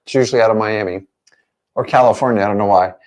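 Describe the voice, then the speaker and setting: A man's voice: fairly low pitch, quick pace, a little mellow. A man teaching a real estate training session, emphatic and full of rhetorical questions.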